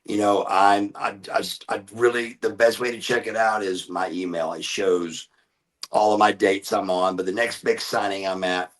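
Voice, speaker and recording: A man in his fifties talks as a guest in a casual interview. His voice sits fairly low, and he rambles loosely from one point to the next. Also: fairly even intonation, normal speed. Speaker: guest, former pro wrestler.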